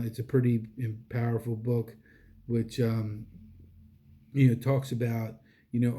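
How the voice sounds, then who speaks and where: A man's voice: medium pitch, dark tone. A middle-aged man talking casually and earnestly about his faith, rambling with many fillers and restarts, and sounding tired. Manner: earnest, devotional. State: tired, yawning. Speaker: vlogger. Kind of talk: casual personal monologue.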